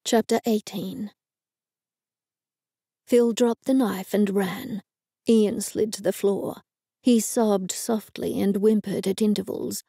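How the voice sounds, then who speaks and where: A woman with an Australian accent giving a measured audiobook narration. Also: medium pitch, steady tone, warm tone, breathy edge, dry recording, studio quality. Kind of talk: scripted narration.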